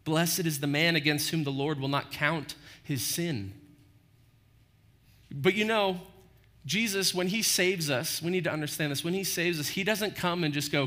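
A man's voice: fairly high pitch, moderate pace, bright, forceful tone. A man preaching a sermon as pastor, conversational, often checking in with "right?" and acting out short quotes. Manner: conversational, frequent "right?" tag questions.

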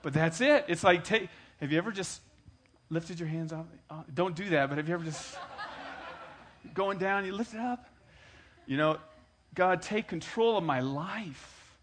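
Man, pastor, sermon, slightly high voice, emphatic, call and response with the congregation. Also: moderate pace, pauses often, a little hiss or hum. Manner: conversational storytelling between rising, loud exhortations.

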